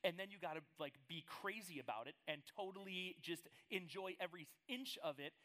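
A man who is a youth pastor, preaching a casual, animated sermon to students and telling stories in a playful way. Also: a little high.

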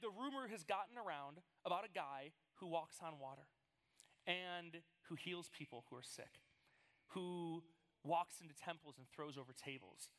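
An animated male youth pastor with a high, bright voice, preaching to students in a loose, playful way. He tells stories with lots of energy and jokes as he goes. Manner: animated storytelling, casual and playful. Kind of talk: youth sermon.

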